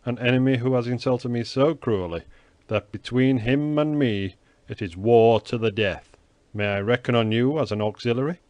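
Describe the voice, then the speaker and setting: A man's voice: mid-range voice, normal speed, a little mellow, no room sound, close to an everyday voice. A man reading an audiobook, voicing a cunning, seductive noblewoman who speaks in a coy, calculating way. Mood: scheming coy.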